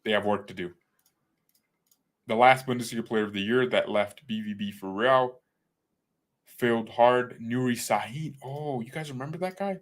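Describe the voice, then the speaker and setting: Male fan-channel host, casual and chatty, jokey, excitable, talks to viewers like friends, mid-range voice. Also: mid-range voice, normal speed, pauses often. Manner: jokey, rambling, slips into playful put-on accents; chatty and excitable, addresses viewers as guys and bro. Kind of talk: casual live-stream chat.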